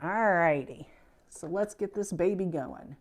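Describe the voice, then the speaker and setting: A woman's voice: fairly low pitch, measured pace, slight background noise. A middle-aged woman with a Midwestern American accent, giving a casual, folksy quilting lesson in her sewing room. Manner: chatty, folksy, self-deprecating. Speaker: quilting instructor.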